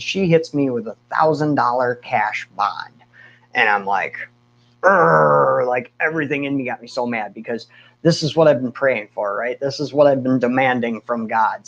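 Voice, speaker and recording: A man casually telling a personal story, candid and animated, often acting out what people said. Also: mid-range voice, muffled recording. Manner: candid, animated storytelling with asides and quoted dialogue. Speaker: speaker sharing his testimony.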